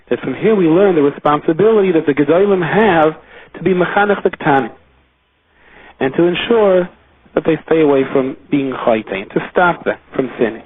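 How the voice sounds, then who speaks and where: A man's voice: a little high, expressive, brisk, breathy edge. A man, a rabbi, giving a weekly Torah lecture in an explanatory way, drawing out key words, heard over a tinny phone line.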